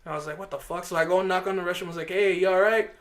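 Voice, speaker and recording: A man co-hosting a podcast, telling a profane, animated story and acting out the voices of the people in it. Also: high voice, very fast. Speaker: podcast co-host. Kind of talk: casual storytelling chat.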